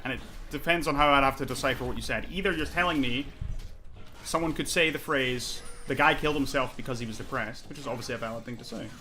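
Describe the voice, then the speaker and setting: A man's voice: mid-range voice, quick pace, bright, forceful tone, soft background music. A man streaming a competitive online game, ranting heatedly and swearing while he argues a point and scolds himself over his plays. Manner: heated, profane, argumentative, self-critical. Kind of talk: live gameplay commentary and ranting.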